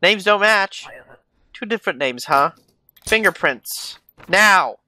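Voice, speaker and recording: A man's voice: sits high, animated, slow, sharp tone. A man giving casual let's-play commentary, reading documents aloud and muttering asides to himself. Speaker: gaming YouTuber.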